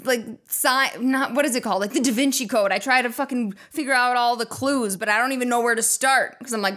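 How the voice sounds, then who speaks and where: A woman's voice: on the high side, fairly quick, few pauses, fairly bright tone. A woman hosting a comedy podcast, rambling through a profane casual monologue with lots of fillers and acted-out quotes.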